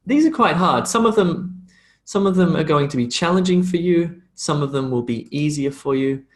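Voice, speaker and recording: A man's voice: on the high side, lively intonation, normal speed. A man with a slight Australian accent teaches a live pronunciation class, joking now and then, checking in with "okay?", and repeating sounds over and over to demonstrate them. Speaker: English teacher.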